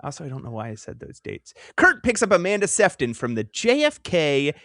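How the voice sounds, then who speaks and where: A man with a fairly high voice that swings widely in pitch, chatting on a close mic. He recaps comic plots in a rambling, self-interrupting way and slips in quick jokes. The sound is dry and close, with no room around it. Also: huge pitch swings, bright, forceful tone, dry recording. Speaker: podcast co-host. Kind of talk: casual comic book podcast chat.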